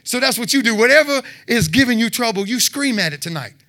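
A fervent man delivering a testimony sermon, urging his listeners on and roaring out loud. His voice sits high and sounds bright and forceful. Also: expressive, fast. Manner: fervent, exhorting, with shouted roars. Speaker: lay preacher.

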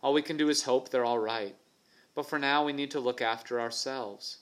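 A man voicing a bold, resourceful young girl who talks in a brisk, practical, commanding way. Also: medium pitch, fairly even intonation, fairly bright tone, close to an everyday voice. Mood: firm.

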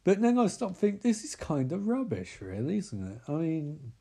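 Man, casual film recap, swears a lot, trails off, slightly high voice. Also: huge pitch swings, moderate pace, creaky, dark tone, husky. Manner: rambling, profane, self-interrupting.

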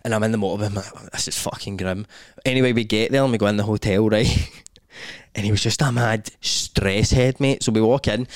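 A young man with a Glaswegian accent telling a funny story on a casual podcast, swearing freely and acting out other people's lines in quick voices. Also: on the low side, no room sound, clean studio sound. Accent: Scottish, Glaswegian. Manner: animated, acts out other people's voices in quotes. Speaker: podcast host.

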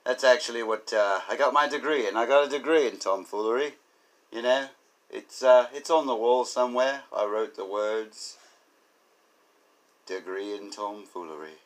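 A man's voice: medium pitch, normal speed. A man hosting a comedy podcast, rambling through goofy, self-mocking jokes in a loose monologue. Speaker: podcast host.

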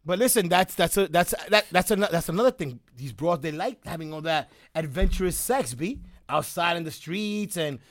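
A man, co-hosting a casual podcast chat, telling stories in an animated, laughing way full of street slang. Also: sits high, moderate pace, few pauses. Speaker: podcast co-host.

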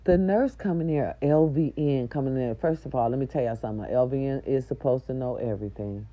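A middle-aged woman, a nurse aide, telling viewers a story in a loud, profane, indignant rant. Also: a bass voice, a little fast. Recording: dull lo-fi recording.

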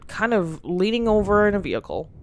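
A woman's voice: mid-range voice, big pitch swings, a little fast, dry recording. A woman playing an indignant male caller in an improvised comedy skit, demanding and huffy. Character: indignant man caller with a mess to report.

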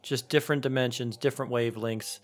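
A man's voice: mid-range voice, steady tone, fast talker, faint music behind. A middle-aged man co-hosting a podcast, chatting casually and rambling with frequent restarts. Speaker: podcast co-host.

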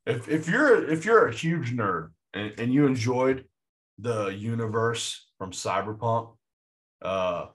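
A man co-hosting a movie podcast in casual chat, excitable and rambling with frequent restarts. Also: medium pitch, takes it slowly. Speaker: podcast co-host.

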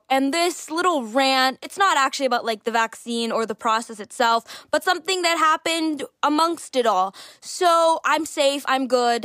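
A woman in her twenties hosting her own podcast, telling a story in an animated, chatty way. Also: high voice, dry recording, clean studio sound. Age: 20s. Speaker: podcast host. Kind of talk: casual chat.

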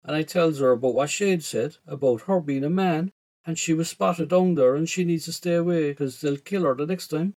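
Rough-talking Irish man telling a story. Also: on the high side, normal speed, a little mellow. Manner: rough, slangy teenage voice. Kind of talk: first-person story narration.

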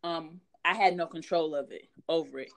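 Woman, guest author; candid, conversational, low-pitched, lots of fillers. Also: normal speed, fairly bright tone. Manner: frank, chatty, many fillers.

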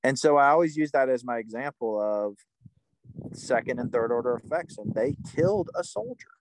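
A man's voice: medium pitch, expressive, normal speed, background noise. A middle-aged man, a retired army first sergeant, telling a war story casually, with lots of "like" and restarts. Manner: rambling, frequent "like" and restarts.

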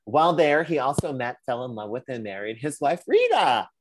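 A man co-hosting a podcast, telling a history story in casual chat, animated and swearing, with sassy put-on voices for quotes. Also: mid-range voice, a little fast, background noise. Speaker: podcast co-host.

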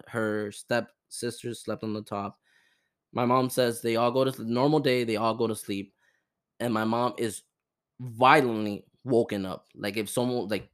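A young man hosting a podcast, telling a family ghost story in a casual, animated way, with lots of fillers, restarts and swearing. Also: mid-range voice. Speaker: podcast host.

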